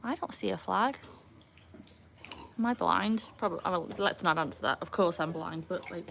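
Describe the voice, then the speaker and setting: A young woman from England and Wales livestreams from beside her home pool with her dogs, chatting casually, answering viewers, and cheering loud woohoos at the dog. Her voice is on the low side with vocal fry and a moderate pace, over background noise from a pool pump and faint outdoor ambience.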